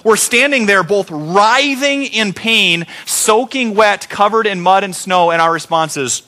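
Middle-aged guy preaching, acts out the sounds and the replies, pretty high bright voice. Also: moderate pace. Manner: animated storytelling, acts out sounds and quoted replies. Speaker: pastor. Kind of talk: sermon.

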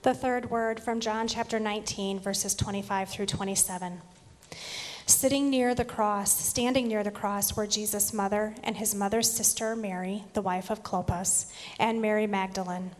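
A woman's voice: mid-range voice, fairly even intonation, normal speed. Woman reading scripture in an echoing hall. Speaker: scripture reader and preacher. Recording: long hall reverb.

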